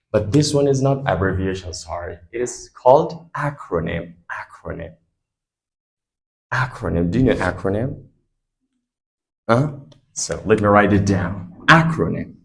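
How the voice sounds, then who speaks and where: A man teaches a grammar lesson to a class. He talks slowly and deliberately, and his pitch swings widely. He keeps firing questions back at his students. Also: creaky, rough recording. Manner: lively, quizzes students with repeated questions. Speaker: English teacher.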